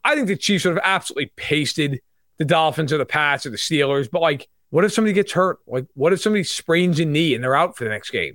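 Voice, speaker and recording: Man, New York accent, quick, lively, dry close sound, casual sports chat. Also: fairly high pitch, dry recording. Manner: fast, animated, self-deprecating banter. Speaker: sports analyst guest.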